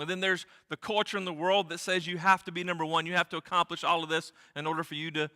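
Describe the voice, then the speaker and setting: A man's voice: fairly high pitch, level tone, fast, few pauses, pushed and bright. A man preaching a sermon as pastor, speaking earnestly and repeating key phrases for emphasis. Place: church sanctuary. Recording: long church hall reverb.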